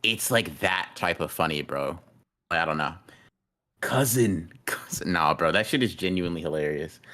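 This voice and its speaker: Young male co-host, very low voice, loose slangy banter. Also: fairly quick, pushed and bright. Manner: slangy, laughing, says "bro" a lot. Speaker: podcast co-host. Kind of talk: casual chat.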